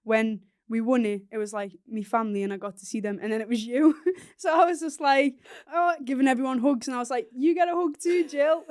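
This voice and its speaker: Giggly young woman guest, slightly high. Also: steady tone, a little fast. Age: young adult. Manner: giggly, soft-spoken, easygoing. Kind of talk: casual chat.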